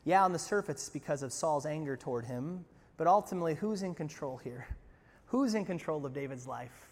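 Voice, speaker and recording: A pastor preaching a sermon, animated and conversational, with humorous asides. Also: male voice, on the high side, fairly quick, in a large hall.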